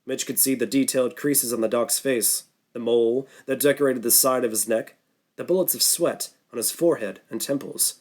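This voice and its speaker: A man reading an audiobook thriller in steady scripted narration. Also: medium pitch, normal speed.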